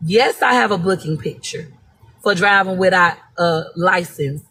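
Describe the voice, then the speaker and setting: A woman's voice: fairly low pitch, a little slow, fairly bright tone. Woman, blunt and profane, emphatic storytelling, casual live-stream talk, faint background noise. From Florida. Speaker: social media personality.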